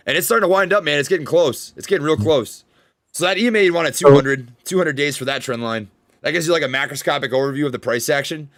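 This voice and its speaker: A young man with a Minnesota accent hosting a live trading podcast, talking fast and hyped. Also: a little high, no room sound, studio quality. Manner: fast-talking, energetic hype. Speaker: podcast host. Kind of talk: casual trading livestream chat. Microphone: studio desk microphone.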